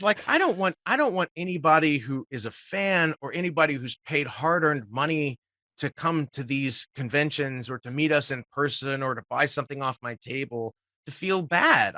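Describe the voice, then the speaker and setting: A man, a guest voice actor, telling animated stories in casual talk and swearing freely. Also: on the high side, no echo, studio quality. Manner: swears casually, acts out quotes. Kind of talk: animated storytelling.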